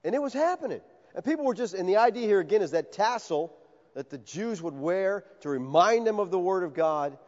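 Animated high-voiced male preacher. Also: brisk. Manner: animated, acts out voices of Bible figures. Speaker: pastor. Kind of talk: expository sermon. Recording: dull sound with long reverb in a large hall.

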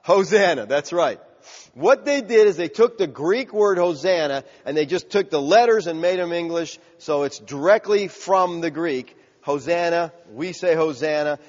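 High-voiced man preaching in a reverberant hall. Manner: preaching, rising to loud shouted cries; asks the congregation questions. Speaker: pastor. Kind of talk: sermon. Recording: dull sound with long hall reverb.

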